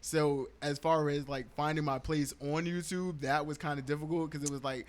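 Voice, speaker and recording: A man talks through a casual conversation, relaxed and slangy. His voice sits a little higher than usual for a man. He laughs easily. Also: moderate pace. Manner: laid-back, laughs easily, loose slang. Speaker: podcaster and YouTuber guest.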